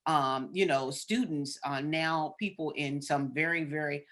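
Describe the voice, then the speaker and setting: A woman hosts a casual interview podcast. Her voice sits low for a woman. She keeps the talk affirming and often murmurs agreement with her guest. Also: steady tone, measured pace, fairly bright tone.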